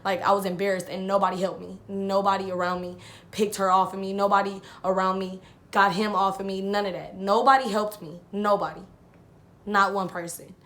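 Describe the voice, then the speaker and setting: A woman's voice: mid-range voice, fairly bright tone. Young woman vlogging, chatty story time, keeps repeating herself and says y'all a lot. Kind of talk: casual storytelling.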